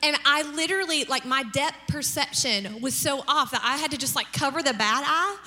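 A woman pastor giving a sermon, telling lively family stories and acting out their lines. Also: sits high, moderate pace. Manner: storytelling with acted-out family dialogue and humor. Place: church hall. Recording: long reverb of a large church hall.

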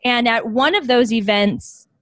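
A woman's voice: fairly high pitch, measured pace, no echo. A young woman, a nonprofit founder from the United States, telling stories earnestly and reflectively in a podcast interview. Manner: earnest, reflective, animated when quoting others.

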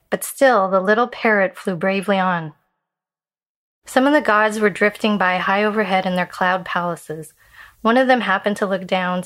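A woman telling a Buddhist fable in a measured storytelling voice that slows for emphasis. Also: mid-range voice, a bit bright.

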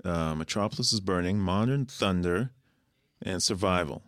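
Musician guest, low male voice, an animated storyteller, dry studio sound. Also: moderate pace, no room sound. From Canada. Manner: animated storyteller who acts out the people he quotes. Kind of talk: casual interview chat.

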